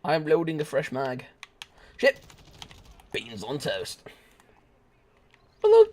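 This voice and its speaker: A young man giving lively, joking live commentary as he streams a shooter game and chats with his viewers. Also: on the high side, slow pace. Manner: excitable, shouts and laughs at the game; joking banter with chat. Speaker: gaming streamer.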